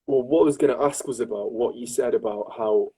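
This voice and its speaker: A man's voice: medium pitch, a little fast, dark tone, slightly rough, low-quality recording. A man chatting as a guest on a casual livestream, hesitant and searching for words. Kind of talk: casual chat.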